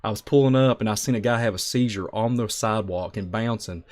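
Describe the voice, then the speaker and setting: A man's voice: lowish voice, fast talker, darkish tone. A man telling stories on a talk show, emphatic and rambling, acting out the voices of people in his stories. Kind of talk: animated storytelling on a talk show.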